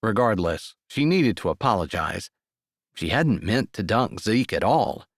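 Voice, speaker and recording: A man narrating a sweet romance audiobook in a scripted, expressive reading. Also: lowish voice, measured pace, dry recording, clean studio sound.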